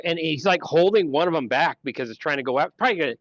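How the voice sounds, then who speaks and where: A podcast host with a slightly high, lively voice races through casual stories with hardly any pauses, rambling and often restarting. The sound is dry, dull and lo-fi, with no room sound.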